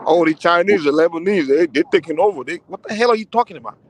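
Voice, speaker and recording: A man's voice: on the high side, lively intonation, fast talker, slight background noise. A Nigerian man arguing heatedly in a casual online debate, mocking and repeating his points. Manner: argumentative, repeats himself, mocking.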